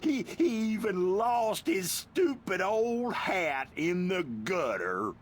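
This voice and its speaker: An actor playing a rough, folksy man in a video game who drawls colloquially, menacing one moment and gleeful the next. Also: high voice, very animated, slow pace, a little hiss or hum, full character voice. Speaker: game character.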